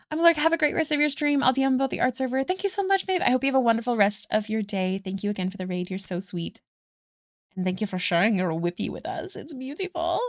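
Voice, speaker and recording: A woman's voice: on the high side, no echo, clean studio sound. A woman streaming her art live, chatting casually with viewers, giggling often and thanking them one by one.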